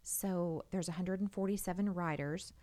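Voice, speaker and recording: A middle-aged woman chatting as a podcast guest, an animated storyteller who swears casually. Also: on the low side, moderate pace. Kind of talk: casual chat.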